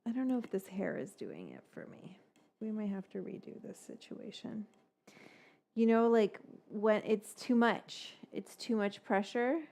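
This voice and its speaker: A woman hosting a live cooking stream, rambling in casual chat, swearing now and then and muttering quiet asides. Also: mid-range voice, sing-song, unhurried, vocal fry. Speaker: cooking show host.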